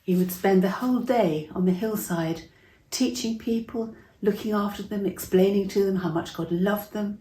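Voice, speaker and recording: A woman's voice: mid-range voice, normal speed, mellow, reverberant, slight background noise, low-quality recording. An older woman telling a Bible story to young children, chatty and interactive, asking them questions as she goes.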